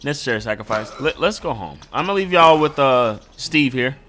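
A man playing a video game at home, commenting excitedly and shouting at the characters. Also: medium pitch, a little fast, slight background noise. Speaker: gaming YouTuber. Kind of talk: let's play commentary. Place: home room.

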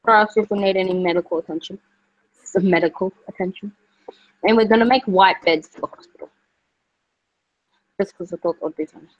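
A woman hosting a relaxed gaming livestream, chatting and laughing as she plays. Her voice sits at a middling pitch and comes through a dull, lo-fi mic. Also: fairly quick, long pauses. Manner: chatty, laughing, frequent "jeez". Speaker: streamer, host. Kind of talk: casual gaming livestream chat. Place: kitchen at home. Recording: dull lo-fi sound.

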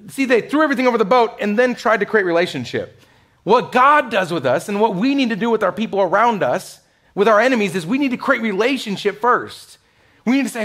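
A male pastor delivering a sermon in a conversational way, swinging from loud, emphatic lines to hushed ones and acting out the voices he quotes. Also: high-pitched, animated, fast. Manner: conversational, many "like" asides and laughs. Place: church sanctuary.

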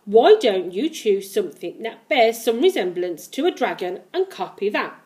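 A woman's voice: medium pitch, big pitch swings, moderate pace, darkish tone, lightly acted. Musing, thoughtful man, read by a woman for a storybook. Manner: musing, hesitant. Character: thoughtful pencil-sucking man.

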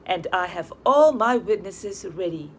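A woman's voice: fairly low pitch, lively intonation, a little slow, slight background noise. A woman voicing an earnest young male lawyer, eager and insistent as he pleads his love in an audiobook. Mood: eager pleading.

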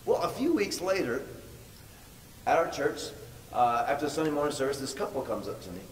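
A man's voice: medium pitch, sing-song, fairly quick. Emphatic man preaching in a hall. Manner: emphatic, repeats words for stress. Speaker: pastor. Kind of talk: storytelling sermon. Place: large church hall. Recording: echoey hall from far off, faint noise.

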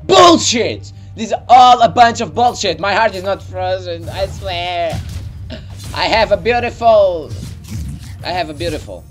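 Excitable young gamer shouting over music. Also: male voice, high-pitched, measured pace. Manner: shouty, swearing, jokey voices. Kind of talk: excited gaming commentary. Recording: gameplay music behind voice.

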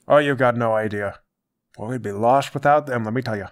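A man's voice: medium pitch, fairly quick, dry recording, studio quality. A man playing a tabletop role-playing game, blustering and joking in character. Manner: brash, blustering, jokey.

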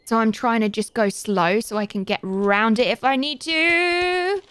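A British woman streaming a game and talking to her chat, excitable and chatty. Her voice sits a little high and sounds dry and close to the mic. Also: a little slow, no echo. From Britain. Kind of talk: casual gaming commentary.

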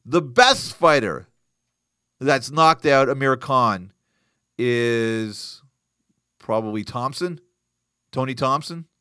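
A man's voice: mid-range voice, slow, long pauses, clear, resonant tone, no echo, studio quality. A man hosting a live boxing news show, chatting casually, joking and answering viewer comments. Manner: animated, joking, reacting to live chat. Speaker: host.

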